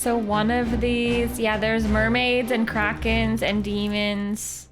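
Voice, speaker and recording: A woman's voice: on the high side, level tone, slow pace. Woman streamer thinking aloud. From Canada. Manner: thinking aloud, playful self-talk. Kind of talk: live game stream commentary. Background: game music.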